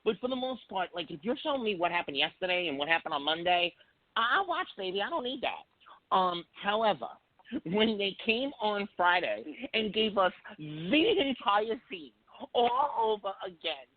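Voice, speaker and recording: A man co-hosting a soap opera talk show, chatting in an animated, emphatic and playful way. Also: high-pitched, normal speed. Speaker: podcast co-host. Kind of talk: casual chat. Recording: tinny phone line, dry.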